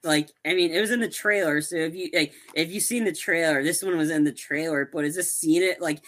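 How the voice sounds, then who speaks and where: A man co-hosting a podcast, giving a casual, rambling, animated retelling of a movie with many restarts. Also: a little high, brisk. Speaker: podcast co-host. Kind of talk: casual movie recap chat.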